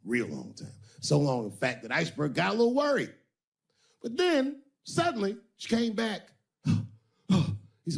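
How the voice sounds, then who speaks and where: A man's voice: normal speed, gravelly. A man doing stand-up comedy on stage, telling a story and jumping between character voices. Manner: animated, acts out characters with big pitch swings. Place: comedy stage before a live audience.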